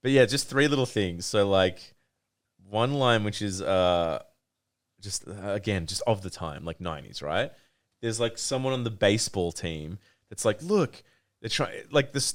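A man co-hosting a podcast in casual chat, rambling, swearing a lot and laughing often. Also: fairly low pitch. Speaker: podcast co-host.

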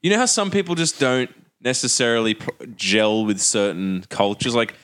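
A man's voice: mid-range voice, moderate pace, a bit bright, smooth. A man co-hosting a podcast in casual banter, joking and laughing as he talks. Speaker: podcast co-host.

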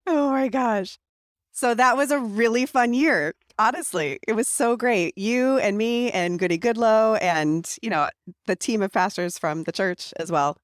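A woman's voice: a little high, unhurried, no room sound, studio quality. A woman guest on a podcast, bantering and laughing with the host in a casual in-person conversation. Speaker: podcast guest, founder and pastor. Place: in-person home recording setup.

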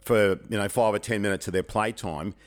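A middle-aged man, a teacher and podcast co-host, telling stories in a frank, colloquial, animated way. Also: on the low side, brisk. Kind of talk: casual chat.

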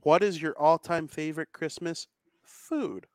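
A man's voice: on the high side, measured pace, darkish tone, no room sound. A young adult man co-hosting a casual podcast chat, enthusiastic and jokey. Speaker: podcast co-host.

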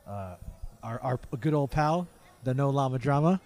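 Lively, laughing podcast co-host man. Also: medium pitch. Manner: playful, quick to laugh, chatty. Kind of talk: casual chat at a fan convention.

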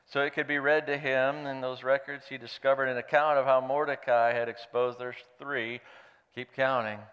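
A man's voice: medium pitch, normal speed, clear, resonant tone, long reverb tail, dull audio. A man preaching, reading scripture aloud and adding playful, joking asides. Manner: playful, animated storyteller who jokes aside. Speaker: pastor.

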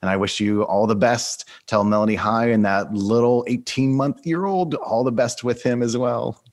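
A man hosting an interview, upbeat and quick to laugh, running a rapid-fire question round. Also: medium pitch, darkish tone. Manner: upbeat, laughs often, brisk quiz questions. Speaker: podcast host. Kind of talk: casual interview.

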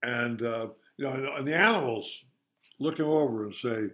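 An older man, an interview guest, retelling a children's story in a halting, casual way with many fillers. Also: mid-range voice, fairly bright tone.

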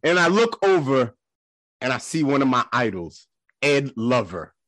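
A man co-hosting a podcast, telling embarrassing stories in a casual, animated way and acting out the voices in them. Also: mid-range voice, unhurried, dry recording. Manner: animated, laughing storyteller who acts out quotes. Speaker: podcast co-host.

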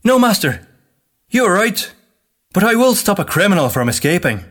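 A jittery young witch hunter trainee, as a male narrator puts him on, high and flustered, his voice bouncing up and down as he stammers. He sounds eager but out of his depth. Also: very animated, normal speed, a bit bright, exaggerated voice. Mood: nervous, defiant.

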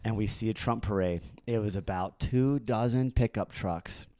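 A man's voice: lowish voice, moderate pace, mellow, dry recording. A man co-hosting a casual chat, chiming in with joking, sarcastic remarks. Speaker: podcast co-host.

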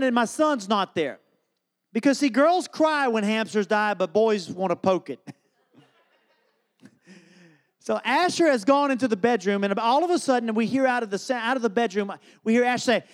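A man's voice: high-pitched, moderate pace. A man preaching a sermon, telling a funny family story as a lead-in to his message. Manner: humorous, animated storyteller. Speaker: pastor.

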